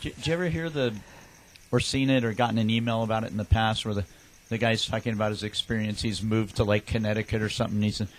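A man's voice: on the low side, steady tone, quick pace, low-quality recording. A man from California hosting a podcast in casual chat, telling stories with lots of restarts. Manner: rambling storyteller with frequent restarts. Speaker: podcast host.

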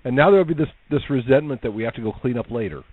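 Male co-host, amused and lively, husky voice, phone-like sound. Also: medium pitch, racing, no room sound. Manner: amused, animated storyteller. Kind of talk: casual chat.

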